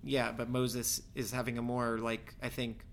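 A man's voice: medium pitch, monotone, unhurried, a little hiss or hum. A man in casual chat who reads Bible passages aloud in formal cadence and then jokes about them. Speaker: co-host reading scripture.

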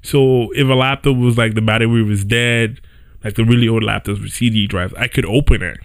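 A young man hosts a podcast, telling a story in a loose, chatty casual monologue and often checking in with "right?" and "yo." His mid-range voice is smooth, fairly even, and a little fast, with no room sound, from a home setup with a squeaky chair.

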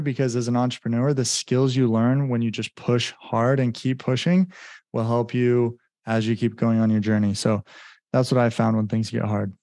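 A man's voice: medium pitch, a little mellow, dry recording, clean studio sound. Earnest man telling a story on a podcast. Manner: earnest, heavy use of "like" fillers, acts out remembered dialogue. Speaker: podcast guest. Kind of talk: casual storytelling in a podcast conversation.

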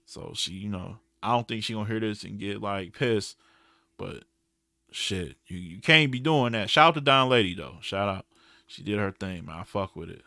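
A man's voice: on the low side, moderate pace, vocal fry, no echo. Man, podcast host, casual recap, slangy, blunt, dry sound. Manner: animated, slangy and blunt, with frequent restarts.

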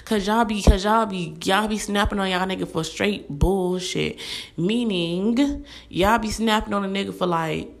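A young woman talks straight to her audience in a blunt, animated rant. She speeds through her points and acts out little quoted asides. Her voice sits at an ordinary middle pitch for a woman. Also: a little slow, creaky. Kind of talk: casual rant to camera.

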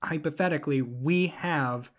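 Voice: mid-range voice, moderate pace. A podcast co-host in casual sports chat, earnest and questioning.

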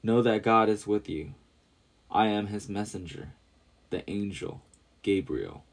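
A kind male angel, calm and reassuring, speaks with a low, gravelly edge in a storybook tale. A man reads him aloud, keeping close to his own voice. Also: measured pace. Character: the angel Gabriel, a kind male heavenly messenger.

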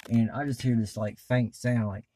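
A man's voice: medium pitch, fairly even intonation, normal speed, mellow. A man telling a crude story in a rambling, profane, laid-back way while stoned. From US South. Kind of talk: crude storytelling in casual chat.

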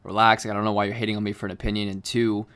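A man's voice: fairly low pitch, little pitch movement, very fast, a bit bright, smooth. A rambling, profane young man talking casually. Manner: rambling, profane, frequent fillers and restarts. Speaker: podcast co-host. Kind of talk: casual chat.

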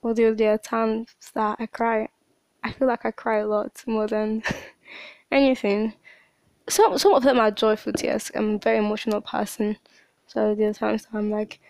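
A woman's voice: a little high, steady tone, normal speed, vocal fry, a little mellow, no room sound. A woman in her late teens hosting a podcast, talking through a rambling, emotional personal monologue. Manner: emotional, rambling, with frequent restarts. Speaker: podcast host.

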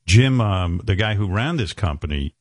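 A man's voice: on the low side, expressive, moderate pace, no room sound, clean studio sound. A man from New hosts a radio show, telling rambling stories full of profanity and fillers. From New York. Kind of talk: casual radio show banter.

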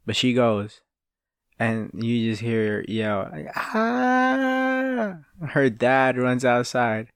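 A male podcast host tells stories in a loose, rambling way, swearing freely. His voice is smooth and clear, and the recording is dry and close. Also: medium pitch, fairly even intonation, slow pace, dry recording. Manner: rambling, profane, laughing at his own stories. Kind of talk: casual solo storytelling.

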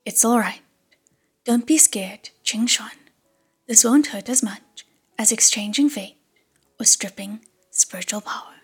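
A woman's voice: a little high, measured pace, pauses often, heavily acted. Woman whispering as a doomed elder brother god. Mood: desperate. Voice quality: breathy whisper. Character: proud older brother, a doomed water god. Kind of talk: whispered role-play.

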